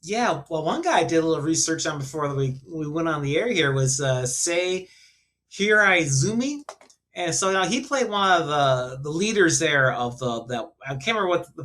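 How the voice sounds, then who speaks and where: A man with a bright, sharp voice, a little high, talking in a relaxed podcast chat. He stops and restarts often and fills gaps with "you know" as he pulls facts from memory. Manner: halting, many fillers and restarts while recalling facts. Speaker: podcast co-host. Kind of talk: casual podcast chat about films.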